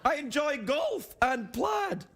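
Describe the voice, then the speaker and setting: A squeaky Scottish puppet host. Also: male voice, big pitch swings, slow pace, vocal fry, a bit bright, a little hiss or hum, exaggerated voice. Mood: manic. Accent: put-on Scottish. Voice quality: high, giddy, arm-waving, scatterbrained. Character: hyperactive squeaky Scottish puppet late-night host, male. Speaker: talk show host. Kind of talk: late-night puppet comedy.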